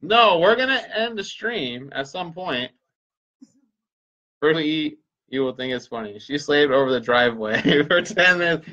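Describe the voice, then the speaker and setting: A man's voice: on the high side, expressive, measured pace, bright, forceful tone, muffled recording. A man hosting a casual livestream, joking with viewers and swearing freely. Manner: joking, profane, talks straight to viewers. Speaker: livestream host and parent.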